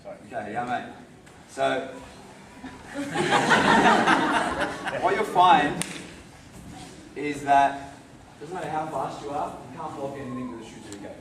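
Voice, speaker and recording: A karate instructor teaching a class, drilling the students with call-and-response and calling out counts with energy. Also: male voice, mid-range voice, sing-song, slow pace, pauses often. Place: large training hall. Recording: echoey hall from far off, noisy.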